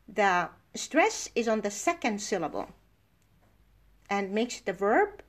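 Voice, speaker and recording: A middle-aged woman whose first language is Arabic, giving a university lecture and explaining language points through slow worked examples. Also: fairly high pitch, lively intonation. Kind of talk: recorded lecture.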